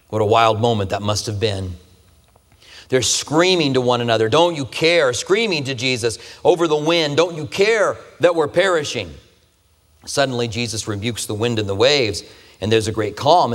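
A man preaching a conversational sermon, asking the listeners rhetorical questions. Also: mid-range voice. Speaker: pastor. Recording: long hall reverb.

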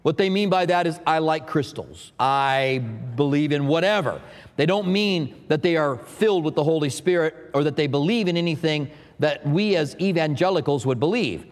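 A man's voice: a little high, moderate pace. A man preaching a sermon as pastor, teaching with asides and light humor to the congregation. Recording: long hall reverb.

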